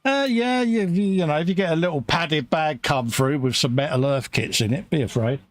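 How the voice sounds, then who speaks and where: A man's voice: a little high, normal speed, dry recording. A man chatting casually and joking with his co-host while talking through each step of building a model kit.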